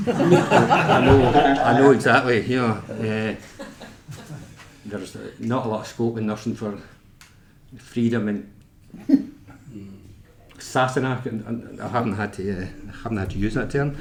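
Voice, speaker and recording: A man's voice: on the low side, measured pace, long pauses. A man with a Scottish accent, a nurse giving an informal talk about his work, chatty and full of anecdotes and restarts. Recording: echoey meeting room, faint noise.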